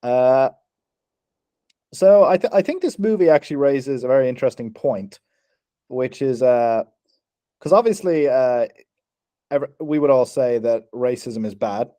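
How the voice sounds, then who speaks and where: A young man co-hosting a comedy podcast, halting and giggly, restarting his sentences often. His tone is mellow and warm at a middle pitch. The sound is close and dry. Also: expressive, no room sound. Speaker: podcast co-host. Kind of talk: casual comedy chat.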